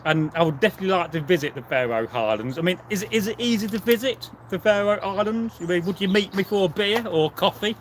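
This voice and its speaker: Here the history channel host talks fast in a high voice, barely pausing, while slight background noise sits underneath. He answers viewers in a casual live chat, rambling and chatty, packed with fillers and false starts.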